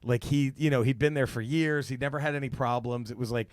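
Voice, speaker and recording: A comedian in his thirties spins an animated, swear-heavy story and chuckles between beats. His voice sits at an ordinary middle pitch. The sound is close and completely dry. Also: a little fast, no echo. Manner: animated, profane, laughs mid-story. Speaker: guest comedian.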